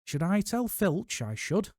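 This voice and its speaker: A man playing a gleeful, cackling poltergeist who taunts in a high sing-song lilt. His pitch jumps far above his normal reading voice. The tone stays mellow and the sound is dry and close. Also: big pitch swings, unhurried, no room sound, heavily acted. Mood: taunting.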